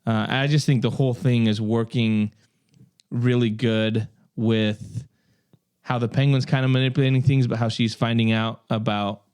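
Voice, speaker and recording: Man, podcast co-host, casual chat, mid-pitched voice, loose and jokey delivery. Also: steady tone, moderate pace, a little mellow, smooth. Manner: joking, puts on silly voices.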